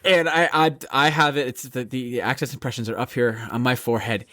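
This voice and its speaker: A man co-hosting a podcast in casual chat, telling a story in an animated, profane way. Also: medium pitch, fast talker, dry recording. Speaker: podcast co-host.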